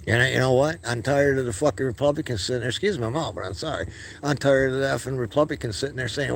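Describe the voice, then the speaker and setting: A man with a gravelly voice rants to his channel's viewers in a loose, casual monologue. He speaks heatedly and swears freely, often repeating words as he restarts a thought. His voice sits in a middling pitch, with a faint hiss of noise behind it. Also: quick pace. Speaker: video channel host.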